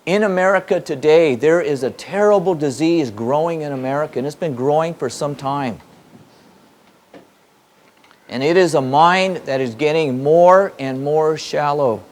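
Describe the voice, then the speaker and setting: A man's voice: fairly high pitch, a little slow, a little mellow. A man giving a spoken teaching to a live audience, emphatic and repetitive, firing off rhetorical questions. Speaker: spiritual teacher. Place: hall in front of an audience.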